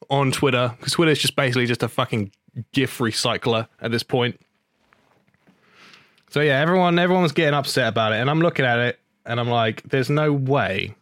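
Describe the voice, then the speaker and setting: Man, podcast host, outraged sweary rant, sarcastic, dry close sound, mid pitch. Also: fairly bright tone, no room sound. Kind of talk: ranting casual podcast talk.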